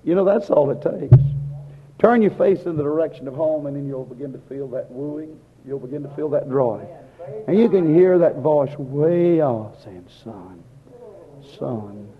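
A male preacher delivering an impassioned, repetitive sermon that swings between hushed and loud. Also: fairly high pitch, moderate pace. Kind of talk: fervent sermon. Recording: lo-fi recording in a reverberant hall.

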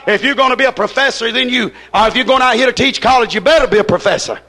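A man's voice: very high-pitched, fast, bright, forceful tone. A man preaching a sermon in a folksy, emphatic way, retelling a conversation with one "I said" after another.

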